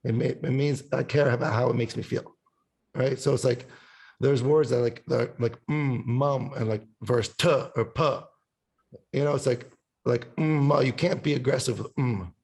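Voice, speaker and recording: A musician of Italian family background, guesting on a podcast, chats loosely and rambles, swearing often and breaking into bits of song. His mid-range voice has fairly even intonation, a moderate pace, vocal fry, and a slightly mellow quality.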